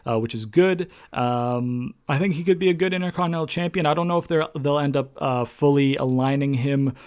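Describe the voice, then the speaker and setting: A man's voice: a little high, brisk, darkish tone, smooth. A young man giving a casual spoken recap of a wrestling show, rambling with many fillers and restarts and swearing freely.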